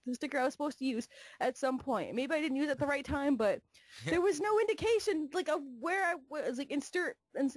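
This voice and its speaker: A young woman co-hosting a casual gaming talk show, animated, swearing freely, laughing often and packing her talk with fillers. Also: sits high, no echo. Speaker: co-host.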